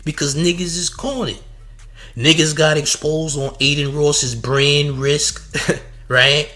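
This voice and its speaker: A man's voice: fairly high pitch, flat delivery, takes it slowly, sharp tone. A man hosting a streamed commentary show, speaking in a mocking, trash-talking way.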